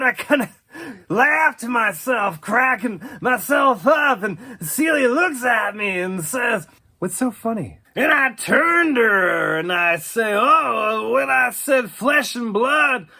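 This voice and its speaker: A man's voice: very high-pitched, bright, forceful tone, exaggerated voice. An actor playing a crude, joking young man telling a story about babysitting his young cousin, laughing often. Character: cocky young man, art-scene joker. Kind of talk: storytelling monologue.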